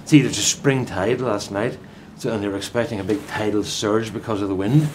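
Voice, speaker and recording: An older man speaks fairly quickly in a steady, low, darkish voice, with a little hiss or hum in the audio. As a gardening vlogger in his vegetable plot, he chats casually to camera, meandering and friendly, with many restarts and asides.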